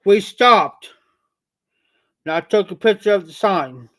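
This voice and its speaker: A man with a southern Ohio accent chatting casually on a livestream, slow and rambling in a folksy way. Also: high voice, expressive, sharp tone. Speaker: livestream host.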